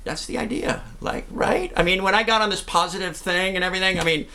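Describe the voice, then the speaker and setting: A man's voice: high voice, quick pace, creaky, a little hiss or hum. A middle-aged man, a singer and cancer survivor, telling upbeat, joking stories from his own experience. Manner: upbeat, joking, animated storyteller. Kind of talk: singing then storytelling talk.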